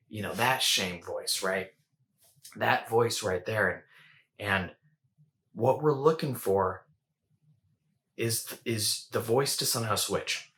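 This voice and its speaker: Bright-voiced man coaching casually. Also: mid-range voice. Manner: conversational, repeats words and rhetorical "right?". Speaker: host.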